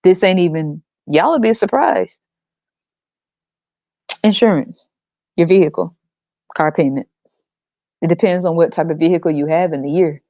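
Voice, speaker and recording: A woman's voice: fairly low pitch, normal speed, pauses often, no echo, highs cut off. A woman hosting a podcast, ranting bluntly and profanely, exasperated and often laughing. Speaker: podcast host.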